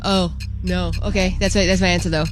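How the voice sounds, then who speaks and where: A woman's voice: on the low side, flat delivery, a little fast, soft background music. A woman co-hosting a morning radio show, answering quiz questions in a flustered, chatty way. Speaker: radio co-host, quiz contestant. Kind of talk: casual radio banter.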